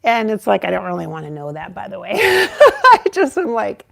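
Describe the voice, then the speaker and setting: A middle-aged woman with a gravelly, fry-laced voice talks straight to her audience in a loose, chatty vlog. She is emphatic, swears freely and leaps up in pitch when she gets worked up. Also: huge pitch swings, normal speed, a bit bright. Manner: emphatic, swearing, rising to high exclaims when reenacting. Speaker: psychic channel host. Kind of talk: casual spiritual vlog talk.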